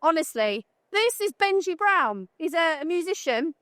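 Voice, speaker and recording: Blunt, funny British woman giving a conference talk; very high voice, dry close sound. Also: big pitch swings, normal speed, a bit bright, no room sound. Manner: blunt, joking, chatty, asks the audience questions. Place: conference talk room at a trade show.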